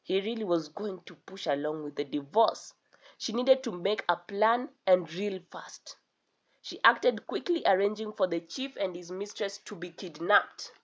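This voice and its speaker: A woman's voice: medium pitch, animated, measured pace, a bit bright. A woman narrating a dramatic story as a storyteller, with a dull lo-fi sound.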